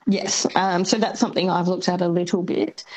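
An Australian woman, a linguist, explaining on a radio talk show in a measured way with many pauses and fillers. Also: lowish voice, little pitch movement, a little mellow, husky, low-quality recording. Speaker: linguist guest.

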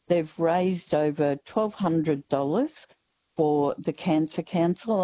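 A woman reporter talks through a radio interview in a relaxed, rambling way, with fillers in between. Her voice sits low and mellow, and it comes through a dull, lo-fi line with a dry sound. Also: dry recording. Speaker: regional newspaper reporter.

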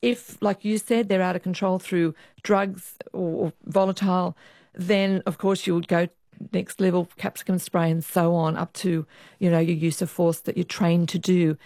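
Ex-cop woman, lively storyteller, dry close sound, interview guest. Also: on the low side, normal speed, no echo. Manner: lively storyteller, acts out quoted voices. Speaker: retired police officer, guest.

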